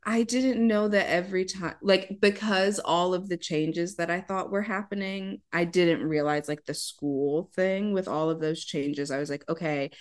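A woman ballet dancer telling a story in casual chat, animated, acting out quoted dialogue and using many fillers. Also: fairly low pitch, a little slow, hardly any pauses.

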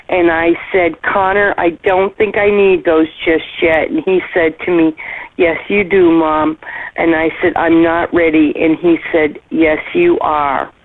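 A middle-aged woman leaving a voicemail, telling a heartfelt personal story in a slow, earnest way with soft pauses. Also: lowish voice. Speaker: listener leaving voicemail feedback. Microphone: phone. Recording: tinny phone line, faint hiss.

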